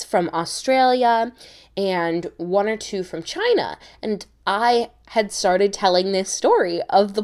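A young American woman hosting a podcast, telling a travel story in an animated way with many quick restarts. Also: medium pitch. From United States. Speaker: podcast host. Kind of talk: casual storytelling.

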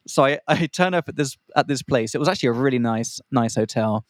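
A man's voice: mid-range voice, quick pace, few pauses, no room sound. Chatty man telling a story. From Australia. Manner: rambling, explains slang terms mid-story. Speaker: podcast co-host. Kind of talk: casual storytelling for English learners.

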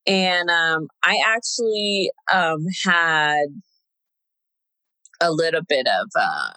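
A young woman recounts a personal story in a relaxed, rambling way, full of fillers and little laughs. Her voice is bright, and the recording is dry and close, with no room sound. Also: low-pitched, takes it slowly, no room sound, low-quality recording. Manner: chatty, many fillers, laughs while telling. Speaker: guest sharing a birth story. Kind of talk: casual conversational storytelling.

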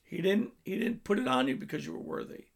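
Man, preacher, high voice, gravelly, sermon storytelling. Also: animated, fast. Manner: storytelling preaching, swells and drops in volume.

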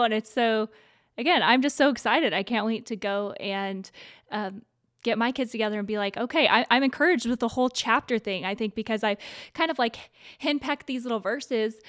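A woman's voice: a little high, a bit bright, no room sound, clean studio sound. A woman hosting an interview who talks in an enthusiastic, gushing way. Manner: enthusiastic, gushing, quick to laugh. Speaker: interview host. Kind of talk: casual interview chat.

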